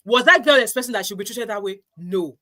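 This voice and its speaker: A woman's voice: medium pitch, lively intonation, brisk, pushed and bright. A woman hosting a casual panel chat, emphatic and repeating herself. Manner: emphatic, repeats herself, rises when stirred. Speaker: host.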